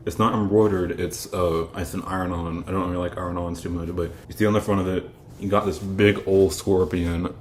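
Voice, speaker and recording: Rambling young man, low voice, echoey room. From American South. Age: young adult. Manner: rambling, restarts often, laid-back storytelling. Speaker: vlogger. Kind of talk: casual show-and-tell chat. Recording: echoey room with faint music.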